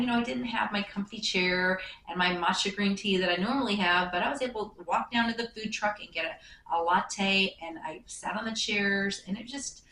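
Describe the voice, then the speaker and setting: A woman's voice: on the low side, a bit bright. A middle-aged woman hosting a knitting and devotion show, telling a personal story in casual chat, rambling with fillers and restarts. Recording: echoey room with faint hiss.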